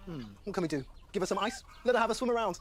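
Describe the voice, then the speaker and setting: A woman's voice: medium pitch, rapid-fire, noisy background, close to an everyday voice. A woman playing an eager cartoon vet. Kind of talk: children's cartoon acting. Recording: music playing underneath. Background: children's music.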